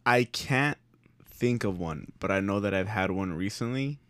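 A man co-hosting a casual podcast, telling a party story with swearing and loud punchlines. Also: fairly low pitch, measured pace, dry recording. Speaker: podcast co-host.

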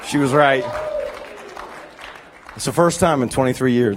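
A man in his forties preaching a sermon, telling animated, joking stories about his own marriage with frequent restarts. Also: medium pitch, measured pace, crowd noise, noisy background. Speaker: pastor.

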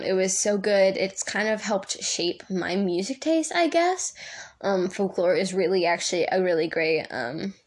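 A teenage girl chatting alone on a casual podcast from home, rambling with lots of ums and likes and laughing often. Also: mid-range voice. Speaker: podcast co-host. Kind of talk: solo casual podcast chat. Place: home room. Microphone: home recording app.

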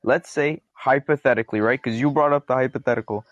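A man's voice: mid-range voice, quick pace, no echo, muffled recording. A man in a casual podcast debate, pushing back with pointed questions. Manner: challenging, asks pointed questions. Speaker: podcast co-host.

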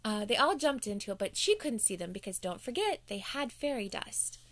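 A woman's voice: on the high side, very animated, brisk, a bit bright, dry recording. A woman telling a playful bedtime story to children as the show's host.

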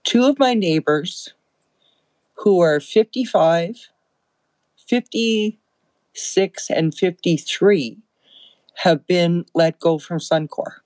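An older woman from Alberta calling in to a talk show, speaking slowly and emphatically, audibly upset. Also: lowish voice, darkish tone, no room sound, low-quality recording. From Alberta, Canada. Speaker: caller. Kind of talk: emotional call-in comment.

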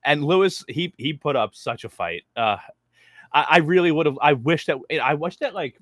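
This man co-hosts a podcast, and his fairly high, slightly bright voice moves at a moderate pace with lively intonation. He rambles through a casual recap chat, full of fillers and restarts. The recording is dry and studio quality.

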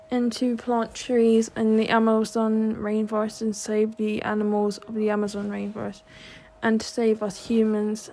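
A woman's voice: a little high, vocal fry, dark tone. A young woman hosting her own podcast, talking earnestly with many ums and restarts. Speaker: podcast host. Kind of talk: solo podcast monologue.

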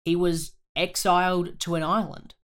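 Animated man reviewing films. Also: sits high, measured pace. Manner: animated, emphatic, swears in mock outrage. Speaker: podcast co-host. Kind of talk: casual film review chat.

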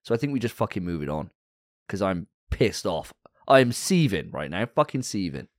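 A man's voice: low voice, sing-song, normal speed, dry recording, clean studio sound. A man co-hosting a casual gaming podcast, ranting with plenty of swearing. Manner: profane, fired-up ranting. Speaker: podcast co-host.

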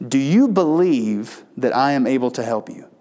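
A calm, patient Jesus, as a preacher puts him on speaks slowly and reassuringly in a slightly lower voice during a sermon retelling. The delivery stays gentle and unhurried throughout. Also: male voice, lightly acted.

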